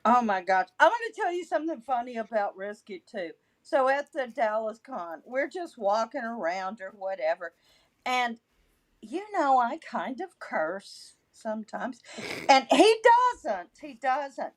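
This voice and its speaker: A blunt woman with a Texan twang, cursing cheerfully and laughing through casual stream banter. Her voice is a touch high, with animated, swinging intonation. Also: unhurried. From Texas. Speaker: chat moderator guest.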